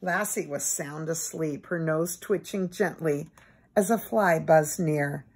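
A woman gently reading a children's book aloud in an expressive bedtime manner. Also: sits low, takes it slowly, husky. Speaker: storybook reader.

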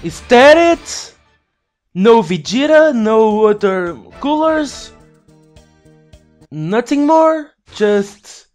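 A man commentating his own fighting game playthrough, excitable and profane, trash-talking his opponent. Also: very high-pitched, extremely slow, pauses often. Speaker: gaming YouTuber. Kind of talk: let's play commentary. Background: faint game music.

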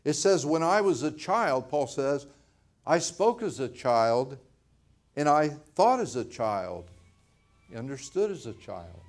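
A man's voice: a little high, big pitch swings, takes it slowly. An older man, a pastor, preaching a sermon in a conversational way, often repeating words and laughing lightly.

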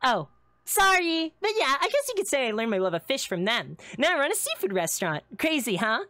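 A woman's voice: high voice, big pitch swings, brisk, bright, forceful tone, dry recording, clean studio sound, full character voice. A woman playing a bubbly, quirky restaurant owner. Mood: cheerful. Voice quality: giggly, playful. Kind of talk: live roleplay performance.

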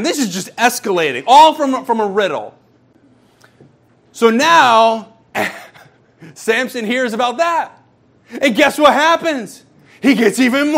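A man preaching a sermon in a church, retelling a story in a casual, animated way and acting out the people in it. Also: very high voice, creaky. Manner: storytelling, acts out quoted characters casually. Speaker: pastor.

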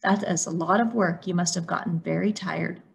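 A woman's voice: lowish voice, steady tone, normal speed, vocal fry. A woman voicing a fair, stern male warthog judge in a storybook reading, questioning and firm.

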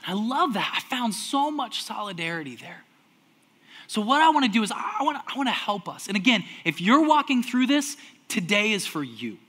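A young adult man preaching a sermon as pastor, animated, swinging between loud acted-out outbursts and hushed, almost whispered lines. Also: sits high, moderate pace.

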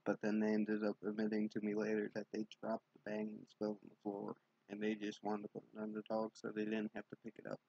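A young man telling a rambling late-night vlog story, casual and sweary, in a dark room at home. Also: fairly low pitch, monotone, fast, vocal fry, slightly rough, no echo, highs cut off. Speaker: vlogger.

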